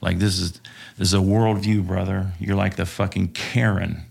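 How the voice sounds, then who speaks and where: A man's voice: deep voice, flat delivery, normal speed, gravelly, a little mellow, breathy edge. A man from Texas, telling war stories as a podcast guest, swearing freely and rambling with lots of fillers. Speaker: podcast guest, former police officer. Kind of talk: casual storytelling interview.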